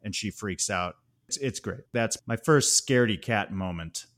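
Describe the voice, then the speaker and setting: A man co-hosting a casual podcast, telling a movie scene with lively animation. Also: on the low side, normal speed. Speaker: podcast co-host.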